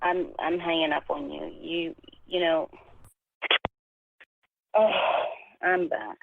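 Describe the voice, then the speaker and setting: A person on the show's phone line, hesitant and halting, often restarting words. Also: mid-range voice, steady tone, gravelly, no echo. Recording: phone-like narrow line, dry.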